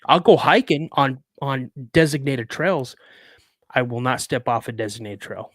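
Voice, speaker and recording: A man's voice: medium pitch, measured pace, no room sound. Guest, man in his 50s, dramatic storyteller, mid-range voice, dry mic. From United States. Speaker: podcast guest. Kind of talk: telling a personal story.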